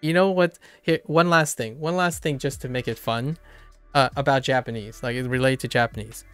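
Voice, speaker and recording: A man's voice: mid-range voice, steady tone, normal speed, a bit bright, smooth, dry recording, faint music behind. A man streaming a casual lesson on Japanese sounds, rambling, correcting himself and laughing often. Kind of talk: casual live-stream explanation.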